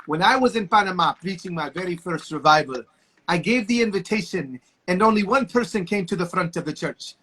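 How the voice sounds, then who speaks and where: High, bright-voiced passionate man. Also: lively intonation, a little fast, slightly rough. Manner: passionate, preacher-like storytelling. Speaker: guest. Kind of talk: casual conversation. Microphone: video call.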